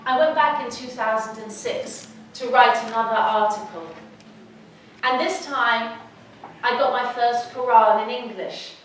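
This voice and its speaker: A middle-aged woman telling a personal story to an audience in a lively, humorous way. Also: fairly high pitch. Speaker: speaker. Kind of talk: storytelling talk. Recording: echoey hall, mic from far off.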